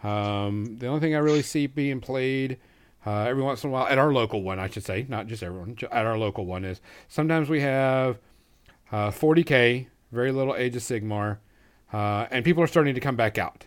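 A man's voice: mid-range voice, fairly quick, smooth. A man hosting a casual podcast chat, easygoing and rambling, with many ums and uhs. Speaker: podcast host.

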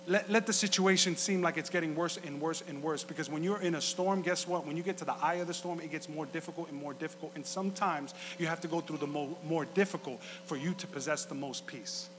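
A man's voice: on the high side, fairly quick, hardly any pauses, background noise. Impassioned male preacher in a reverberant hall. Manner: passionate, builds to shouts. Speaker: pastor. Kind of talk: sermon. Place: church sanctuary.

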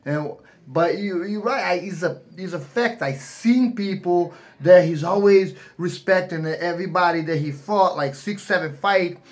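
A man who is a fighter, telling stories with animated energy in broken, non-native English grammar. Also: sits high, unhurried. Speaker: fighter, guest. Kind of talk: casual podcast chat.

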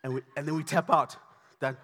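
A man preaching a sermon, passionate and repetitive, building to shouts. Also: on the high side, fairly even intonation, a little fast. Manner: impassioned, repetitive, rising to shouts. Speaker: pastor.

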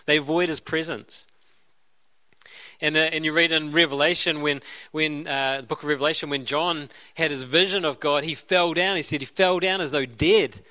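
A man preaches a sermon earnestly and often circles back to restart and repeat his phrases. His voice is bright and forward and sits a little high for a man. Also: steady tone, moderate pace. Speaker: pastor.

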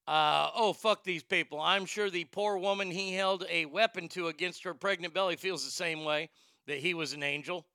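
A man's voice: high-pitched, moderate pace, sharp tone, clear, resonant tone, no room sound, studio quality. A man hosting a talk show in casual chat, blunt and profane, rambling with frequent restarts. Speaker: podcast host.

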